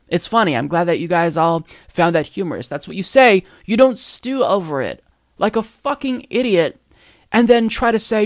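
A man's voice: on the high side, expressive, moderate pace, no echo, studio quality. A male podcast host delivering political commentary as an exasperated rant, full of rhetorical questions and swearing.

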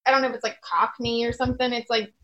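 A woman's voice: on the high side, fairly even intonation, fast talker, a bit bright, muffled recording, a little hiss or hum. An American woman in a casual chat, blunt about her dislikes and filling every sentence with "like". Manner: says "like" constantly, blunt opinions.

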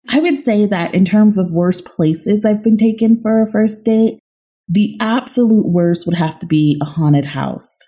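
A woman's voice: medium pitch, measured pace, mellow. A woman in casual chat, telling a dating story with lots of laughter.

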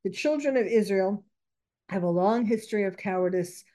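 A woman's voice: medium pitch, normal speed, mellow. A woman commenting on news reports, reading out quotes and stopping to correct herself.

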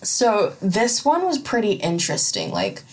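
A woman's voice: medium pitch, huge pitch swings, a little slow. A woman hosting a casual solo podcast, chatty and profane, laughing often as she reads out listener questions. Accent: non-American accent. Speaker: podcast host.

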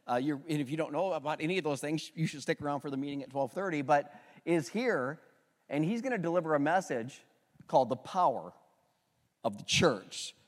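A man preaching in an echoey church sanctuary, his voice sitting a bit high and swinging widely as he calls out for the congregation to repeat after him. The long reverb of the hall trails each line. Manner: animated, call-and-response with congregation. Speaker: pastor. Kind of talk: sermon introduction.

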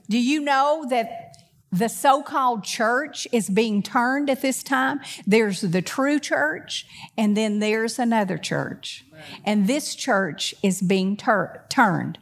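A woman preaches in an expressive voice on the high side, moving between loud, emphatic declarations and quick, chatty asides. Questions to the congregation come up often.

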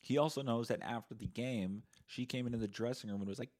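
A man's voice: mid-range voice, fast talker, few pauses, darkish tone. Canadian guy ranting solo on his podcast, sweary and sarcastic. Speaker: podcast host.

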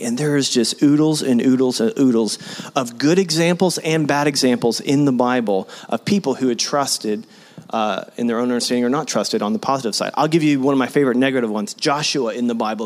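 Animated preacher man, fairly high voice. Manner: animated, leads the congregation in call-and-response; conversational, with many restarts and asides. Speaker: pastor. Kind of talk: sermon.

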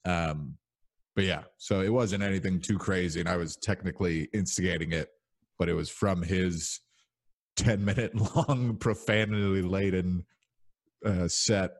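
Young male podcast host, very deep voice, loose rambling storyteller. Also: fairly even intonation, measured pace. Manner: rambling storyteller, many fillers. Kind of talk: casual chat.

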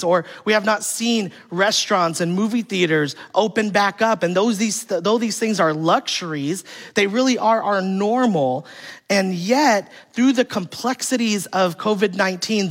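With a mid-range voice, this pastor preaches casually, weaving in humorous tales from family life and playing out the conversations himself. Again and again he poses rhetorical questions to the congregation.

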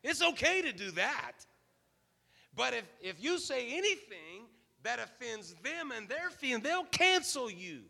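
Gravelly bright-voiced preacher in a hall. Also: male voice, very high voice, sing-song, unhurried. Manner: storytelling, building to loud emphatic preaching. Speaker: pastor. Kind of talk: sermon. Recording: long reverb of a large hall.

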